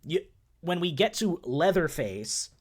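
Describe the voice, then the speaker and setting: A man's voice: a little high, very animated, unhurried, husky. A man co-hosting a casual movie podcast, chatty and often laughing at his own jokes. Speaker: podcast co-host.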